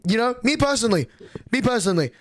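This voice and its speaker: A young adult man streaming tells a long story in an excitable, profane way, acting out what the other people said. His voice is very high-pitched and he talks fast.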